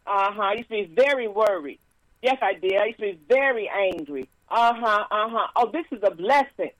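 A woman minister giving a casual sermon with stories and announcements, lively and laughing, with frequent praise interjections. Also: mid-range voice, normal speed, dry recording, low-quality recording.

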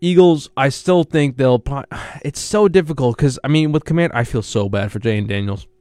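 A man's voice: mid-range voice, moderate pace, dry recording, clean studio sound. A young man hosting a casual college radio sports show. He rambles and corrects himself often. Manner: rambling, animated, self-correcting. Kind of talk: casual solo sports talk.

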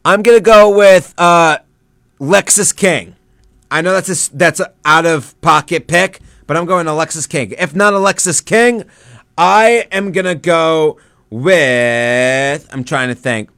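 A young man chatting casually as he watches wrestling live, excited and rambling with lots of fillers. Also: on the high side, a little slow, no room sound, studio quality. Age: young adult. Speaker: student vlogger.

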